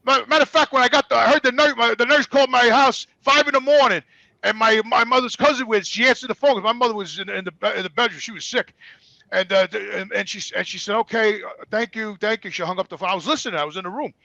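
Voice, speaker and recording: A man's voice: high-pitched, fast, creaky, no room sound, muffled recording. An older man in his sixties with a New York accent, telling blunt, profane stories from his life as a talk show guest. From New York, USA. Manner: blunt, profane, animated retelling. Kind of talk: casual storytelling.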